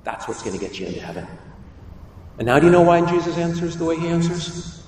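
A man preaching a sermon as a priest, animated and acting out the voices he quotes. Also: on the high side, quick pace, a little hiss or hum. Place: large church. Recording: echoey church heard from a distance.

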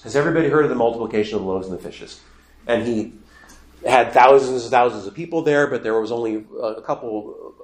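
Man preaching in an echoey room. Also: medium pitch. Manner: animated, rising to emphatic quoted lines. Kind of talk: sermon.

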